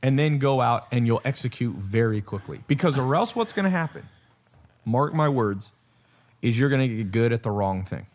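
A man's voice: medium pitch, animated, normal speed, a little mellow. Blunt, emphatic man in casual talk. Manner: blunt, emphatic, swears, laughs often. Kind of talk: casual conversation.

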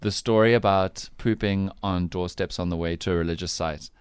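A man's voice: low-pitched, fairly even intonation, normal speed, clear, resonant tone, no room sound, clean studio sound. A man hosting a playful radio news quiz, teasing his co-hosts and laughing often. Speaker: radio show host.

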